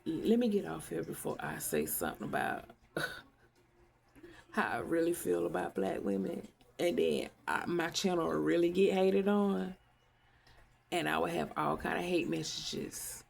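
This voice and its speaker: A woman's voice: fairly low pitch, vocal fry, a little mellow. A woman vlogging to her channel, blunt and profane. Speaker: YouTube vlogger. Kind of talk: casual commentary vlog.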